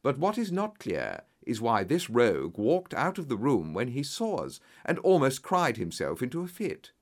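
A man doing a confident, brisk detective. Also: medium pitch, huge pitch swings. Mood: explaining. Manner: brisk, explanatory, commanding. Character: sharp, confident male detective, middle-aged.

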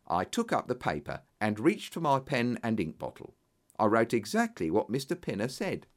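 A man's voice: mid-range voice, wildly swooping pitch, moderate pace. A man reading a story aloud as an audiobook narrator, telling it expressively. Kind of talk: scripted narration.

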